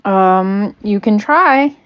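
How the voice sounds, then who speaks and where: A woman game master narrating a tabletop game on a stream. She talks slowly, laughs often and teases her players. The audio is dull and lo-fi. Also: medium pitch, expressive. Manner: teasing, laughs often, many fillers.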